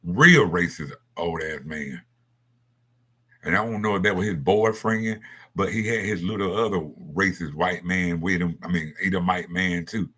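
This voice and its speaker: A man's voice: low voice, normal speed, pushed and bright, breathy edge. A man in a casual monologue, talking bluntly and profanely in a rambling way.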